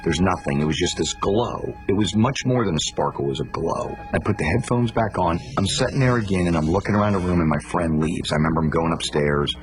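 A man's voice: low-pitched, fairly quick, few pauses. A man earnestly telling a first-person ghost story and building suspense, with music playing behind him.

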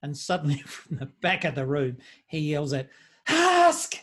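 A podcast host with a voice on the high side chats with his guest at a normal speed. The casual interview is jokey and easygoing, and he laughs readily.

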